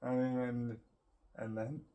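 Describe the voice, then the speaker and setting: A man's voice: medium pitch, level tone, takes it slowly, dull audio. Chatty man musing aloud to camera. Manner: meandering, full of fillers, laughs often. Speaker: vlogger. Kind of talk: casual rambling monologue to camera.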